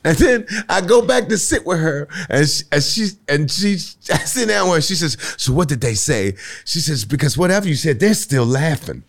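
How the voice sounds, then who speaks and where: Male comedian, lively pitch, laughs often, acts out other people's voices in his story. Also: normal speed, hardly any pauses. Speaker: guest comedian. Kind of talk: casual storytelling.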